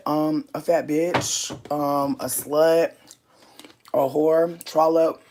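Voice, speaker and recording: A young woman from the US talks casually to camera, rambling and cursing with brash humor. She is a little out of breath and swings between low mutters and loud outbursts. A faint hiss sits under her voice. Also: little pitch movement, very slow. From United States. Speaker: vlogger.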